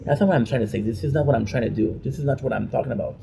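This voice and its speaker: A man's voice: medium pitch, racing, gravelly, hardly any pauses, background noise. A man vlogging an emotional personal rant, rambling and frustrated, often restarting his sentences.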